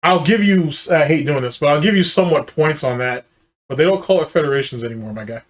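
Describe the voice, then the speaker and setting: A man's voice: fairly high pitch, animated, a little fast. Profane, mocking male reaction host. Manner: mocking, profane, sarcastic asides. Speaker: commentary channel host. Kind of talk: casual reaction commentary.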